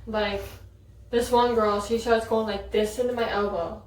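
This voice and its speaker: A woman's voice: a little high, little pitch movement, normal speed. Young woman chiming in on a story. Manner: chatty, chiming in and finishing a friend's sentences. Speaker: vlogger. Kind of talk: casual storytelling chat. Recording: roomy echo, distant mic, faint noise.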